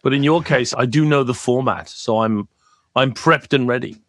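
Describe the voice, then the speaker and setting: A man's voice: mid-range voice, normal speed, a bit bright, no echo, studio quality. A man in his fifties from the United Kingdom, a marketing professor guest talking casually, joking and swearing freely. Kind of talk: casual podcast interview.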